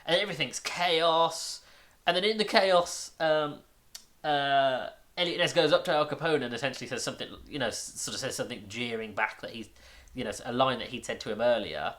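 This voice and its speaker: A man's voice: mid-range voice, fairly bright tone. Rambling man recapping a film. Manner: rambling, halting, full of restarts and fillers; amused and incredulous. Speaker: film review vlogger. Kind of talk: casual film recap and review.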